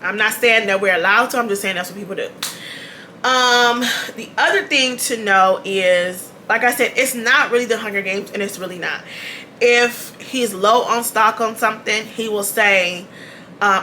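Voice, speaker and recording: Chatting casually on her own beauty channel, a woman repeats her central points and laughs frequently. She speaks at a moderate pace, medium pitch, pushed and bright, with some slight background noise.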